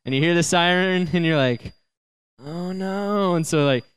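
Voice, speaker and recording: A youth speaker tells a young audience a funny story from his own life, chatty and animated, laughing often and dropping in "you know" and "like." The young man's voice is fairly high, smooth, and fairly quick.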